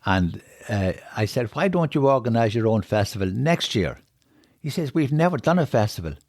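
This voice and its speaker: A man's voice: mid-range voice, sing-song, normal speed, a little mellow, no echo, clean studio sound. An older Irish man, a podcast guest, telling rambling travel stories in a conversational way and often repeating himself. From Ireland. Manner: rambling, repeats "on it", emotional when moved. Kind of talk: conversational storytelling.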